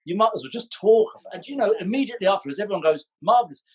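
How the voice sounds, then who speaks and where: A man, chatting as a podcast guest and telling stories in a playful, animated way. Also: sits high, racing, rough recording. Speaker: podcast guest, ballroom dancer. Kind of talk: casual chat.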